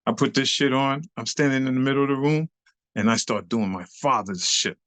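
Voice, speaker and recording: A man's voice: mid-range voice, fairly quick, fairly bright tone, no room sound. A middle-aged man, a guest on an interview show, telling a story animatedly, swearing freely in street slang and acting out scenes with beats and sound effects.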